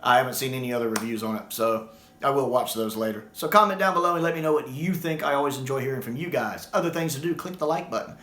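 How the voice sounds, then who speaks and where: A man ranting through a casual video review in an animated, exasperated way. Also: medium pitch, quick pace, reverberant.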